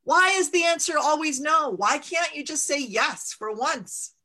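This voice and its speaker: A woman's voice: a little high, lively intonation, moderate pace, pushed and bright, heavily acted. A woman voicing an exasperated, stubborn country mother in a storybook read-aloud, pleading with a raised voice.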